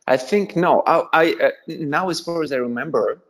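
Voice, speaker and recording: A man with a Russian accent, a guest telling animated anecdotes in a casual interview, with frequent fillers and laughter. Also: fairly high pitch, normal speed.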